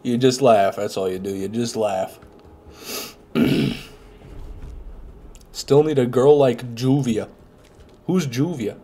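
A young man talking casually through a live gameplay stream, answering chat and cursing at the game now and then. He is fighting off a head cold. His voice sits at an ordinary middle pitch. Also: slow pace, pauses often, warm tone, slightly rough. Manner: chatty, reads chat aloud, swears casually.

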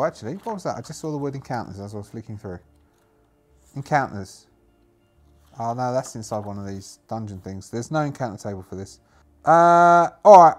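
A man narrating a solo tabletop game, thinking aloud and rambling with many fillers. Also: medium pitch.

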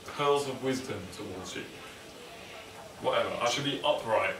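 A man's voice: mid-range voice, normal speed, distant mic. English male vlog host, loose and joking; recorded off-mic in a roomy space with faint hiss. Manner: joking, self-deprecating, rambling. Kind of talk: rambling casual monologue. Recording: echoey room, mic some way off, faint noise.

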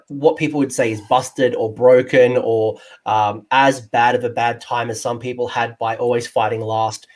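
Australian man, podcast host, jokey, excitable, casual banter. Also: medium pitch. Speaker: podcast host and game coach. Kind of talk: casual video-call interview.

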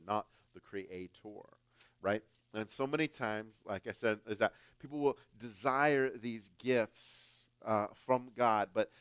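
A man from the United States, a guest pastor preaching a conversational, emphatic sermon that swings between louder and softer. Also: medium pitch, clean tone, no echo.

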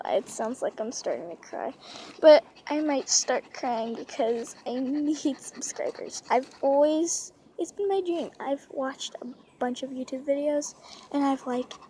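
Woman vlogger, high voice, slow and hesitant, rambling outdoors. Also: warm tone, slight background noise. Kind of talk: casual rambling vlog. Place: outdoors on a lounge chair.

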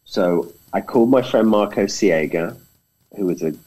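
British man, film director guest, very low husky voice, animated storyteller. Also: moderate pace, rough recording. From Britain. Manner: animated storyteller, acts out quotes. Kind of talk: casual storytelling conversation.

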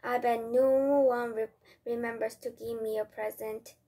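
A woman's voice: on the high side, level tone, unhurried, mellow, husky. A woman reading the lines of a sad male pirate captain, dropping her voice a little into a glum tone.

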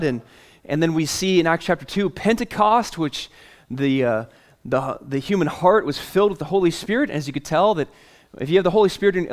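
A man preaching a sermon as pastor, telling a story playfully and then settling into a softer, earnest tone. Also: a little high. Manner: animated, playful storytelling with chuckles; softer, earnest tone when making the point.

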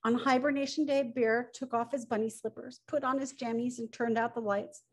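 Woman author reading to kids, breathy, fairly high voice, expressive read-aloud. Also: normal speed. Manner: expressive, animated storytelling. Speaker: author reading her picture book. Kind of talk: children's story read-aloud.

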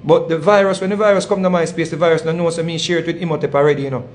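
A Jamaican-accented channel host rattles off a long, rambling story very fast, repeating himself and using heavy patois in a casual monologue. His fairly high voice keeps a steady tone, with a little hiss or hum in the audio.

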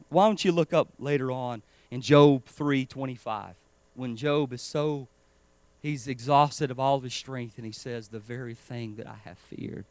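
A man preaching a sermon with urgent emphasis, swinging between loud stresses and quiet asides. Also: medium pitch, dry recording. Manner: urgent and emphatic, rising and falling in loudness.

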